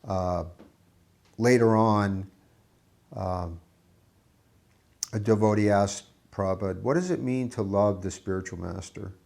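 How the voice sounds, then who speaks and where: A man with a low, gravelly voice reminisces in an interview. He speaks earnestly and reflectively. He often pauses and restarts his sentences. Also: a little mellow. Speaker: devotee recalling memories.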